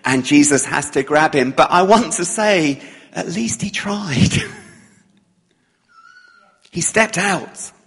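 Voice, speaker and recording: Slow and a little high, with long pauses, a bit of brightness and a breathy edge, this man preaches a storytelling sermon. He acts out the characters' lines as he retells it, and a long hall reverb surrounds his voice.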